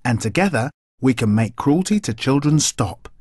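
A man's voice: medium pitch, expressive, normal speed, darkish tone, breathy edge, no room sound, clean studio sound. A man with a British accent, a voice artist reading ads and narration in a cheerful announcer delivery. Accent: British English. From Britain.

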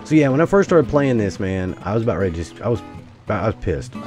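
A deep-voiced American man rambles through his gameplay commentary, his pitch leaping up when excited and dropping into low grumbles. Faint guitar music plays under his voice. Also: fast. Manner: rambling, exclamatory, swings between excited and grumbling. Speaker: gaming YouTuber.

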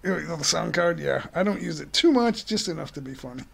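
Man, livestream host, casual chat, blunt grumbling opinions, very gravelly, slightly higher pitch. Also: animated, a little fast.

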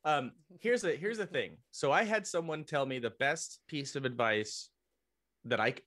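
Guy on a podcast rambling thru a story, keeps restarting, jokes at himself, mid pitch. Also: animated, moderate pace, fairly bright tone. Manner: rambling, with frequent restarts and self-corrections. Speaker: podcast guest, military veteran. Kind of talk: casual storytelling in a podcast interview.

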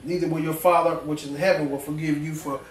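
A man preaching in a church, his voice a bit high for a man and rising as he gets animated. He talks in a folksy way with slang, and the sound is echoey and picked up from some distance, with a faint hum of the room behind him. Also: fast talker. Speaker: pastor. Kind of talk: sermon. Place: church sanctuary.

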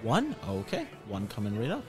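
A man voicing a welcoming, sly middle-aged woman who keeps a tavern, with a smooth, hospitable sales patter and faint music behind. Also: lowish voice, huge pitch swings, moderate pace, pitched below the performer's own voice.

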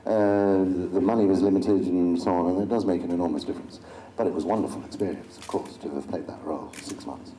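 A man's voice: low-pitched, steady tone, fast, hardly any pauses. A middle-aged man joking wryly as a convention panel guest before an audience. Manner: wry, dry self-mocking humor. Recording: echoey hall with crowd noise.

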